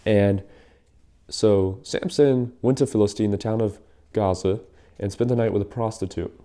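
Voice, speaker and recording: Young guy with a real dark low voice, slangy rambling bible story recap. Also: moderate pace. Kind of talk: casual Bible story retelling.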